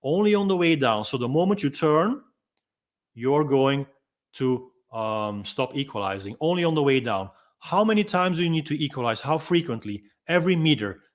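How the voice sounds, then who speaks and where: A freediving instructor calmly explaining and demonstrating techniques in a gentle, unhurried way, pausing often with ums. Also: male voice, fairly high pitch. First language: Dutch. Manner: calm, gentle explaining with frequent ums and pauses.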